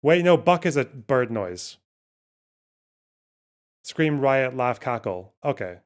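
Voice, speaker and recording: A man's voice: mid-range voice, very animated, slow pace. A man streaming live, thinking aloud as he plays a word puzzle, swearing often and talking to his chat. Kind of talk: casual live-stream talk while playing a word puzzle.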